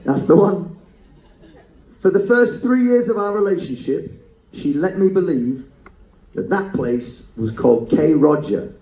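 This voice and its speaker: A man hosting a comedic live game show on a cruise ship, teasing contestants with quick banter and frequent laughter. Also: on the high side, expressive, warm tone, reverberant, poor audio.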